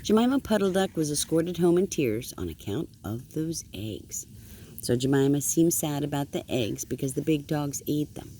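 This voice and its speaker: Gentle grandmother reading a storybook aloud. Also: deep voice, animated, a little hiss or hum. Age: older. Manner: gentle, pauses to point at pictures and explain. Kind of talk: reading a picture book aloud.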